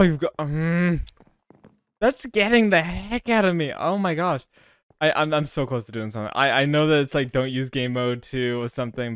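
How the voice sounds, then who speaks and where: A man talks his viewers through a game in a casual, self-narrating way, often restarting his words when irritated. His voice is smooth and clear at a middle pitch. The recording is dry and close to the mic. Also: a bit bright, no echo. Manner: frustrated, self-talking, stammering restarts. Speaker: gaming YouTuber. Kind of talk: casual gameplay commentary.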